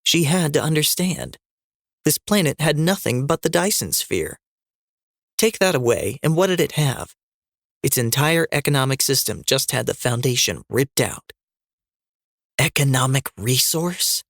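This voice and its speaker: A man narrating an audiobook in a steady, measured reading. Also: fairly high pitch, gravelly, dry recording, clean studio sound.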